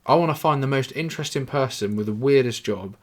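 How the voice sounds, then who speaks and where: Speaking quickly at a medium pitch, a young podcaster with an English accent rambles through a casual solo monologue, full of self-mockery and frequent swearing.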